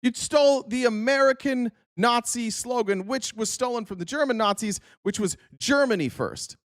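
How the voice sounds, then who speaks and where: A man's voice: very high-pitched, moderate pace, dry recording, studio quality. A man hosting a political commentary show, talking bluntly and sarcastically with frequent swearing.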